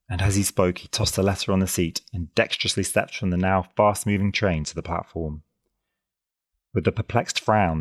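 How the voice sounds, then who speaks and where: A man narrating an old adventure novel as an audiobook, in a measured storytelling delivery. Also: sits low, no room sound, studio quality. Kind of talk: scripted narration.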